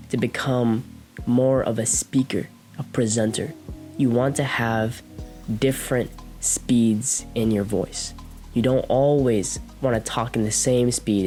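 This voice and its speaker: A young man speaks straight to camera, coaching his viewers on how to talk to people. His voice is mid-pitched and his tone direct. A soft bed of music plays behind him. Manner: direct, coaching tone with demonstrations of speech. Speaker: self-improvement video host.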